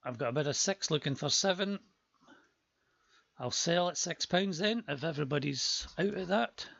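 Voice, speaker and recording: Gravelly auctioneer, voice worn. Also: male voice, fairly high pitch, expressive, normal speed, fairly bright tone, no echo, dull audio. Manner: chatty, joking asides between bids. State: voice worn from a long day before. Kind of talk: live auction calling.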